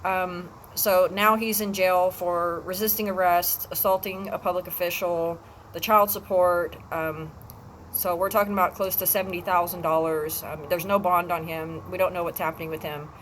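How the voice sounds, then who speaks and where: A woman vlogging alone, telling a personal story in a halting way with many pauses and restarts. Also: on the low side, fairly even intonation, fairly bright tone, a little hiss or hum, poor audio. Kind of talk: emotional personal vlog.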